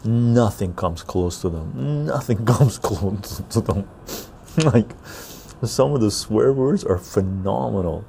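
Casting note: low gravelly man, relaxed podcast host chatting on a patio, laughs a lot, faint noise behind. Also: slow. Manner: laughs often, reads chat aloud, swears. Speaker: podcast host reading chat. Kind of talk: casual chat. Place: outdoor patio.

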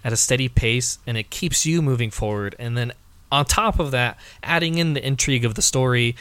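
A man's voice: medium pitch, brisk, fairly bright tone, clear, resonant tone, dry recording. A man co-hosting a casual video game discussion, talking in a hesitant way with many fillers and restarts.

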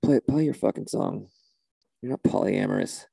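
An exasperated man in a comedy sketch, stumbling over his words as he gets more and more fed up. His low voice has a gravelly edge and a dark tone, recorded dry and close. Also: normal speed, dry recording. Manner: exasperated, flustered, repeating himself.

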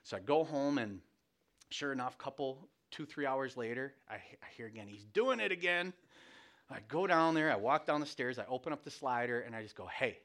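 A man's voice: mid-range voice, fairly quick, a bit bright. Guy preaching laid-back sermon, rambly storyteller, pokes fun at himself, middle voice. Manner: conversational, rambling, self-deprecating, with many restarts. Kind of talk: casual sermon with family stories.

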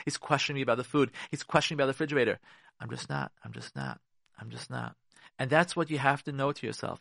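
Bright-voiced woman radio advice host. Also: rumbling low, dry recording, clean studio sound. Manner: emphatic, repetitive, lecturing directly to listeners. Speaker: radio show host giving marriage advice.

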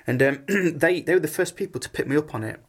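A man's voice: on the high side, fast talker, slightly rough. A man, a singer, giving instructive answers about vocal technique in a casual interview. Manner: explanatory, instructive, hesitant fillers. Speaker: singer and vocal coach guest.

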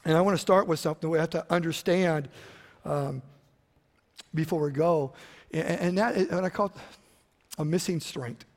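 A middle-aged man preaching a sermon, telling stories and switching between loud emphasis and quiet asides. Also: on the high side, normal speed, pauses often. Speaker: pastor. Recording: long hall reverb.

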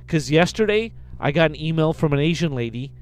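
A man in casual chat, joking as he tells a story and acts out the people in it. His voice is high and rings clear and smooth. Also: lively intonation, a little fast, dry recording. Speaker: podcast co-host.

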